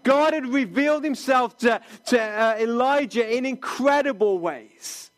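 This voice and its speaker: A man with a notably high voice preaches slowly and deliberately. He delivers an earnest sermon and sometimes sinks to a hushed tone for quoted words. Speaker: pastor.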